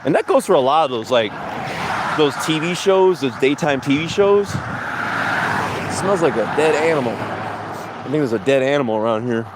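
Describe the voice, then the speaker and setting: A podcast host chats casually while walking outdoors, his medium-pitched voice lively in intonation and moderate in pace. He rambles, swears, and laughs a lot, and the recording is very noisy.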